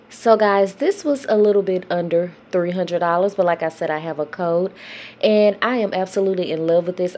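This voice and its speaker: A woman's voice: lowish voice, warm tone. A woman, chatting emotionally to her viewers in a casual vlog. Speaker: vlogger, mother.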